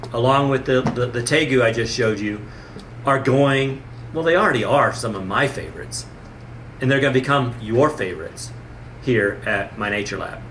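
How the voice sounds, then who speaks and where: Man, animal-center owner, excitable, stumbles over words, bright tone, faint room ambience. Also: mid-range voice, a little hiss or hum. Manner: enthusiastic, gets emotional. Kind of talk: casual video talk to viewers.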